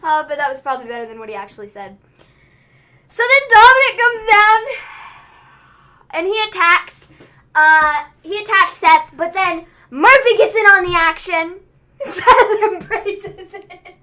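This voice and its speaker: Bubbly young woman, high bright voice. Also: sing-song. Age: young adult. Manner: bubbly, rambling, quick to laugh. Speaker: wrestling show co-host. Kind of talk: casual livestream review chat.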